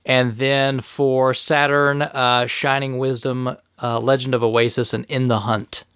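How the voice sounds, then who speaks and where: A man co-hosting a casual podcast, telling stories with lively bursts of rising pitch. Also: measured pace, clear, resonant tone, no room sound, clean studio sound. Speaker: podcast co-host.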